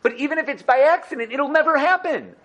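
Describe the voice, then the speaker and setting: A man teaching a lively Torah lesson, animated and acting out little scenes. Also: extremely high pitch, fast. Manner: animated, acts out dialogue.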